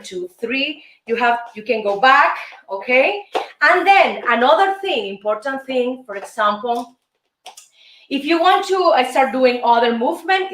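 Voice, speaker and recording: A woman's voice: on the high side, a bit bright, roomy sound, far from the mic, rough recording. A woman from Cuba with a Cuban Spanish accent teaches a salsa dance lesson as host, counting beats and chanting rhythms.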